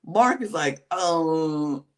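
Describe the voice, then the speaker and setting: This is a podcast co-host talking through a reality show casually, mimicking the others' dialogue, whispering at points, and elongating informal exclamations. The voice has a medium pitch and lively intonation.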